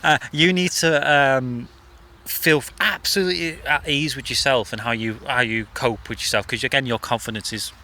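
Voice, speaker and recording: A man's voice: mid-range voice, steady tone, moderate pace, sharp tone. A man hosting a casual outdoor interview, chatty and freely giving advice. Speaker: interview host. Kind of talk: casual chat. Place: outdoors by a bridge.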